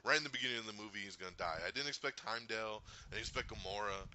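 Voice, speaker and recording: A man hosting a casual movie review chat, excitable and swearing, acting out quotes in funny voices. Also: fairly low pitch, very fast, muffled recording, crowd noise. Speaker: podcast host.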